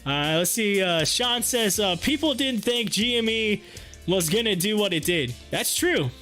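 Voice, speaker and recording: Excited high-voiced man chatting on a livestream. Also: unhurried, soft background music. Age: adult with kids. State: hoarse, losing his voice. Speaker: livestream host reading chat. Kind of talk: casual livestream chat.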